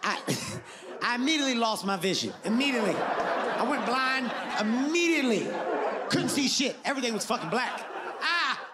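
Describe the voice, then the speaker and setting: A man doing animated stand-up storytelling with shouted bits. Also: very high-pitched, noisy background. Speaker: stand-up comedian. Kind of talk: stand-up set. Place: theater stage with audience. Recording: stage mic with loud audience laughter.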